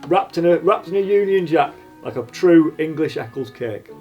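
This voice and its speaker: A man's voice: a little high, expressive, moderate pace, lo-fi sound, faint music behind, close to an everyday voice. A man playing a shifty, bragging cake boss. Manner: bragging, stumbling over his words. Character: shifty boastful male cake factory owner.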